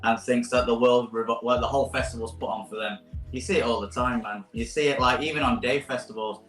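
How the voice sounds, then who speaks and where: A man's voice: mid-range voice, steady tone, quick pace, fairly bright tone. Young man, laid-back chat, roomy echo, faint music behind. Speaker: podcast guest. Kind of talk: casual chat.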